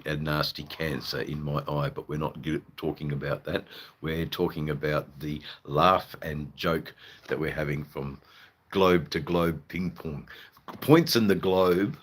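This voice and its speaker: A man's voice: rumbling low, steady tone, unhurried. An Australian man chatting casually and ramblingly to his live-stream viewers, swearing now and then.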